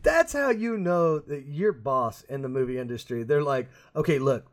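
A man's voice: a little high, expressive, moderate pace. A middle-aged man chatting casually as a podcast co-host, rambling and self-mocking, laughing at his own jokes. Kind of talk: casual chat.

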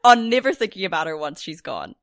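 A woman co-hosting a podcast, recapping a novel chapter in casual chat, laughing often and dropping swears and animated asides. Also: on the low side, fairly quick, no echo, clean studio sound. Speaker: podcast co-host summarizing a novel.

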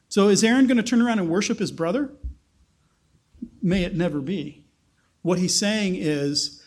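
A man's voice: sits high, lively intonation, moderate pace. A man giving a casual, joking Bible teaching, often correcting himself as he goes.

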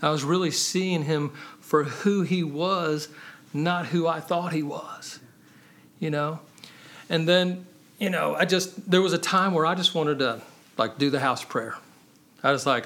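A man with a somewhat high voice tells his faith story in a casual, heartfelt way. He speaks earnestly and conversationally as a podcast guest, filling his sentences with "man" and "you know.". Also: unhurried, fairly bright tone. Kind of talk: casual personal testimony.

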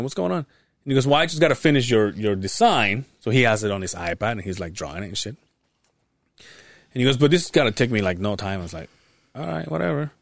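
A young man co-hosts a podcast and spins a casual, profane story, jumping between his own voice and quoted people. His pitch swings up and down a lot. The sound is close and dry, with no room around it. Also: no room sound. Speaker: podcast co-host.

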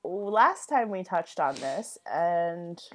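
A woman co-hosting a podcast in casual chat, sick with a lowered voice, hesitant with many ums. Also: very animated. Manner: drawn-out, hesitant, lots of ums. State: sick, voice lower than usual. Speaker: podcast co-host.

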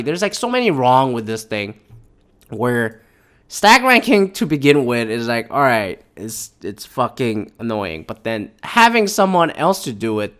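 Profane rambling young man ranting. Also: on the high side. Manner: profane, rambling, with animated quoted asides. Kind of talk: casual ranting commentary.

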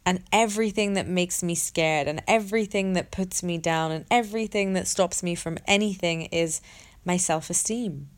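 A woman sharing a personal story in a candid monologue, reflective and halting, with many restarts and fillers. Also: fairly low pitch. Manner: earnest and open, swears casually.

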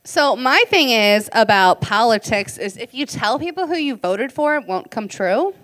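A woman's voice: fairly high pitch, expressive, moderate pace, fairly bright tone. A woman hosting a casual chat and card game, blunt and teasing, swearing freely. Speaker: podcast host.

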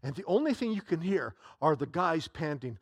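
High-voiced animated male pastor. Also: moderate pace, breathy edge. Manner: animated and dramatic, swinging from loud to hushed. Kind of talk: sermon.

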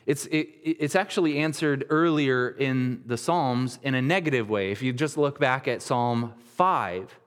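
A man's voice: mid-range voice, a little slow, hardly any pauses, fairly bright tone, smooth, in a large hall. A man in his thirties giving a sermon as a pastor, retelling scripture in plain, conversational words with frequent restarts.

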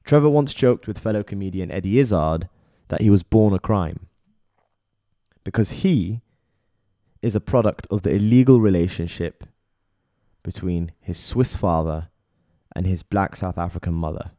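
A man reading scripted biographical narration in a measured way, speaking straight to the listener. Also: low voice, dark tone, dry recording, clean studio sound. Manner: measured, addresses listener directly. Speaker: documentary narrator.

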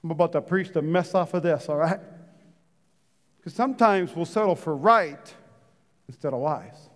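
A man preaching a sermon to his church, animated and chatty, jumping from loud punchy lines to hushed low ones and joking with the congregation. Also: moderate pace. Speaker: pastor. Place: church sanctuary. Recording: long reverb of a big hall.

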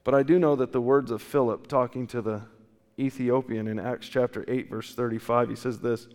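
A man with a medium-pitched, steady, slightly mellow voice preaches a sermon as a pastor in a church, talking at normal speed with hardly any pauses and a long reverb tail. He fires one rhetorical question after another and often restarts his sentences.

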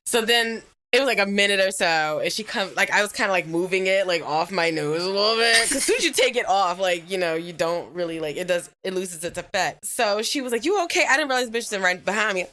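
A woman's voice: medium pitch, fast, hardly any pauses, bright, forceful tone. A young woman with a Philadelphia accent telling a long story in casual chat, acting out voices and laughing often.

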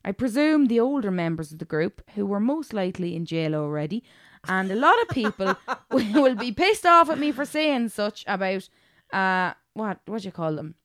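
A young woman co-hosting a casual podcast, telling an animated, sweary story. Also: mid-range voice, normal speed, few pauses, no room sound, studio quality. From Ireland. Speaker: podcast co-host. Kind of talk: casual chat.

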